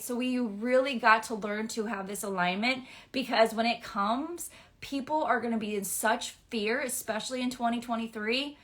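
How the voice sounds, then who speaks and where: Bright, chatty woman giving spiritual advice. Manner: chatty, with frequent "right?" and "okay?" tags; acts out exasperated voices, jumping high and loud. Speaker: astrology forecaster. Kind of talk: casual spiritual advice talk.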